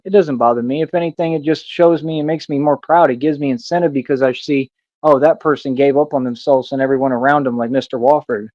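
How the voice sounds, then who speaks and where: A man with a slightly higher-than-average voice rambles through a livestream monologue, boastful and preachy, lecturing his viewers. The audio is dull and lo-fi, with a dry, close sound and no room echo. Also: darkish tone. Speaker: livestream host.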